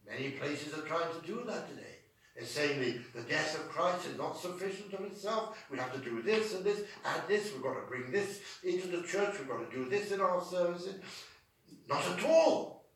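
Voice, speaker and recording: A man's voice: high voice, lively intonation, moderate pace. A man preaching a sermon in a chapel, fervent and drawn out in his emphasis. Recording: echoey chapel from far off.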